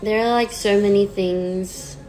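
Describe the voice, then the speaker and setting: Slow, halting young woman on a livestream. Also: medium pitch, steady tone, darkish tone, poor audio. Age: 20s. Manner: halting and hesitant, self-deprecating, many fillers. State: nervous and near tears. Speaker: pop singer on a livestream. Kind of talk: casual livestream chat. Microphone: phone. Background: sad song playing faintly.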